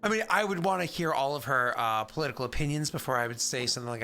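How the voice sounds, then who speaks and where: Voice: medium pitch, fast, sharp tone. Casting note: a laughing, self-deprecating game master on a voice call, faint music underneath. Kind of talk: casual chat over a voice call.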